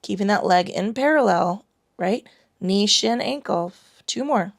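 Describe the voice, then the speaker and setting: A woman's voice: mid-range voice, animated, measured pace, creaky. Profane, frank woman yoga teacher. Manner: profane, frank and playful while cueing breath. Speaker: yoga instructor. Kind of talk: guided yoga class instruction.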